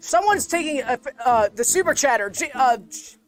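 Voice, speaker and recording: A man co-hosting a comedy livestream, rambling in a mock-earnest deadpan and repeating himself. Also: very high voice, normal speed, soft background music. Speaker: co-host.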